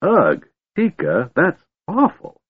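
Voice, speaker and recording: A man voicing an excitable, eager small male kender in a high voice, on a tinny, dry recording. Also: normal speed, slightly rough, heavily acted. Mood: disgusted.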